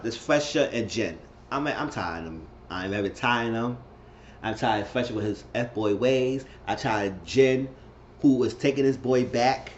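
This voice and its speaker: A man's voice: mid-range voice, a little mellow, lo-fi sound, a little hiss or hum. Chatty man recapping a reality show. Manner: chatty, repeats himself, acts out quotes in shifting voices. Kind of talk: casual recap commentary.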